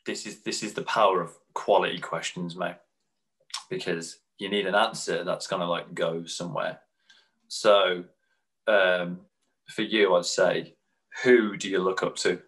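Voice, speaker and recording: Brief: male podcast co-host, lively storyteller, drops into quick impressions. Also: low-pitched, low-quality recording. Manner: animated storyteller, mimics people in quick put-on quotes. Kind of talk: casual chat.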